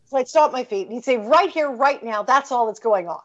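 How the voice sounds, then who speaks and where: Her voice sits on the high side, brisk and a bit bright. She's a middle-aged American author, a guest in an interview, recounting a personal story with candor and emphasis while repeatedly abandoning and restarting sentences. The recording sounds dull and lo-fi.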